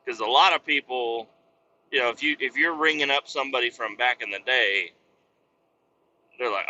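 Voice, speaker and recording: A man's voice: mid-range voice, normal speed, pauses often, bright, forceful tone, muffled recording, a little hiss or hum. A man in his thirties hosting a podcast, rambling in a jokey, profane monologue. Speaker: podcast host.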